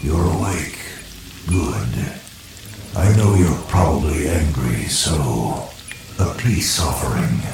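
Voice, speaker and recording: An actor playing a menacing male jailer who taunts his prisoner in a deep, gravelly voice, recorded with echo and rain behind. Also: lively intonation, takes it slowly, background noise, heavily acted. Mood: sardonic.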